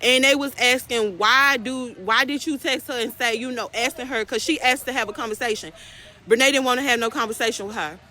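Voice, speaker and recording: A woman, recapping a court trial in casual chat, emphatic and animated, repeating phrases and calling the viewers y'all. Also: a little high, brisk, rough recording.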